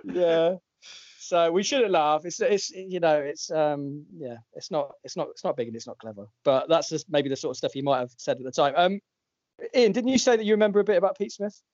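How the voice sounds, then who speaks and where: A man's voice: on the high side, a little fast, darkish tone, no echo. Wry man, chatty host. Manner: wry, rambling, self-correcting. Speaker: podcast host. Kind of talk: casual chat. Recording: dull lo-fi, dry.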